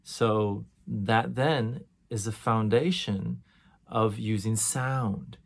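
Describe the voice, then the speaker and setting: A middle-aged man teaching a course on sound healing in a relaxed, conversational way. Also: lowish voice, extremely slow, vocal fry. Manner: relaxed and conversational, demonstrates sighs and tones.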